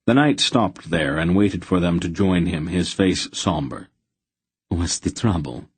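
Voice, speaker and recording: A man with a very low, husky voice narrates an audiobook in a steady, even manner. The recording is dry and close, with no room sound. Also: unhurried, no echo. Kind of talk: scripted narration.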